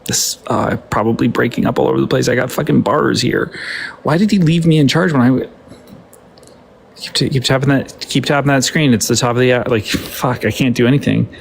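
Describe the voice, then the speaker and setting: A man's voice: medium pitch, brisk, creaky, slight background noise. A man co-hosting a podcast over a phone with a weak signal, who talks in a flustered, joking way with many restarts. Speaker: podcast co-host.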